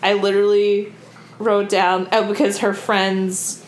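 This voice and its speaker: A woman's voice: mid-range voice, little pitch movement, unhurried. A woman co-hosting a podcast, chatting casually about a book with lots of fillers and swearing. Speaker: podcast co-host. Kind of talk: casual book discussion chat. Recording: echoey room with faint background noise.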